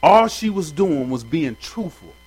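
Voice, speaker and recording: A man's voice: a little high, expressive, unhurried, a little mellow, slightly rough, low-quality recording. A man leading an informal Bible study for a group, talking in a loose, conversational way with slang and asking his listeners questions directly. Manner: chats directly with the audience.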